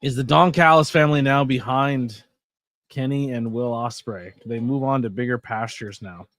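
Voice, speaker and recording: A man's voice: medium pitch, moderate pace, fairly bright tone, dry recording. Tired man chatting on a live stream. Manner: chatty, talking to viewers in chat. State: tired, yawning. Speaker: podcast host. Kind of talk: casual live-stream watch-along chat.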